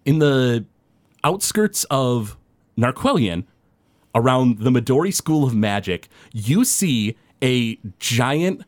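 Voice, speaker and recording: A man's voice: medium pitch, big pitch swings, slow, no echo. Loose-talking male game master, dry sound. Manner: loose, descriptive narration with many fillers. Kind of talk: narrating a tabletop game.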